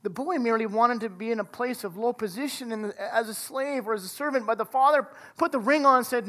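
Woman preaching with dramatic hushes. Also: fairly high pitch, fast, hardly any pauses. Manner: dramatic retelling, acting out the characters' lines; drops to a hush for emphasis. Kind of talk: sermon.

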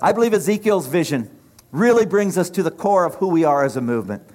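A man's voice: fairly high pitch, animated, fast, darkish tone. A middle-aged man preaching a sermon with impassioned, rhythmic delivery and repeated phrases.

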